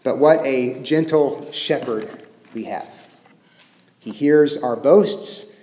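A man preaching a sermon as pastor, talking conversationally and swinging between emphatic stresses and hushed, quiet phrases. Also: medium pitch, slow pace. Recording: echoey hall with long reverb.

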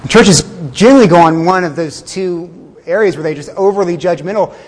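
A man preaching a sermon in a conversational way, with fillers, chuckles and slowed words for emphasis. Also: high-pitched, big-room sound. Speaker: pastor.

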